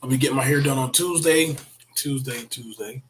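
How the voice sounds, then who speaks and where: A man chatting casually to his viewers as a reaction video host, rambling and repeating words, his voice worn from yelling. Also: medium pitch, moderate pace, a little hiss or hum, rough recording. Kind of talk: casual morning livestream chat.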